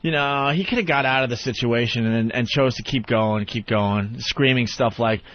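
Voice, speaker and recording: A man's voice: medium pitch, normal speed, no echo. A man hosting a radio talk show, speaking candidly and with frustration, swearing freely. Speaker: radio host. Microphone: studio microphone. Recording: muffled radio broadcast.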